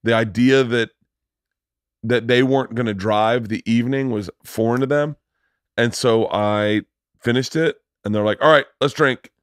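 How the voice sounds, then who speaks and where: A man hosting a podcast, telling stories in a loud, rowdy way and jumping into acted-out quotes. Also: mid-range voice, steady tone, unhurried, smooth, no echo, clean studio sound. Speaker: podcast host. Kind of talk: casual chat.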